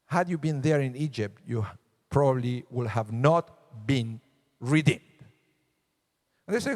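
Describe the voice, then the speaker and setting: Man, rabbi, relaxed sermon, higher voice, ringing hall reverb. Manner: unhurried and conversational, acting out voices from the text. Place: synagogue sanctuary.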